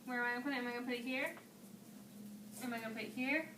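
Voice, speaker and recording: A woman teacher with a high voice leads a class, asking questions and praising answers. She is recorded from across an echoey classroom. Background noise is clearly audible. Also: rapid-fire, distant mic. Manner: encouraging, questioning, praising students.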